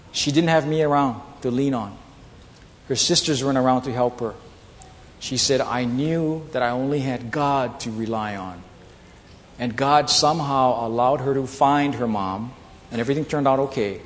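Man preaching in an echoey hall. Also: medium pitch. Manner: animated storytelling, acts out quoted voices. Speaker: pastor. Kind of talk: sermon with personal stories. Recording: long reverb in a large hall, faint ambience.

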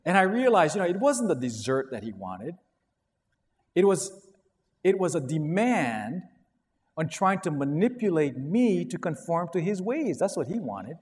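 A man's voice: sits high, very animated, moderate pace, darkish tone. A middle-aged man preaching a sermon as a pastor, telling stories with animation and acting out quotes. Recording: long hall reverb.

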